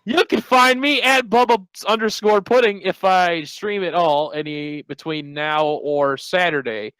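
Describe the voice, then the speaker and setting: Wisecracking male stream guest, smooth tone, a bit high. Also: a little slow, fairly bright tone, no echo, rough recording. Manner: playful, wisecracking. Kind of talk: casual stream chat.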